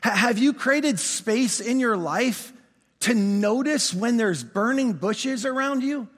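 A middle-aged man, a pastor, preaching a sermon with animated, self-mocking storytelling that acts out both sides of a conversation. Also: very high-pitched, takes it slowly. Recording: long hall reverb.

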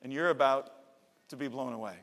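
A man's voice: mid-range voice, a little fast, a bit bright, long reverb tail. A man preaching a sermon as pastor, speaking in an earnest, conversational way that repeats phrases for emphasis.

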